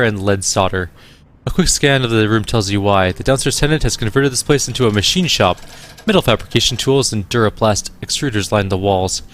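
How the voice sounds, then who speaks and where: A man hosting a video game playthrough, reading the narration aloud in a steady, descriptive way. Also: fairly low pitch. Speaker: let's play host.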